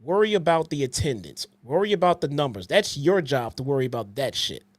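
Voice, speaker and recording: A man's voice: fairly high pitch, sing-song, fairly quick, dry recording. A man co-hosting a wrestling podcast, ranting bluntly and swearing as he lectures his critics. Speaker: podcast co-host. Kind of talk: heated podcast rant.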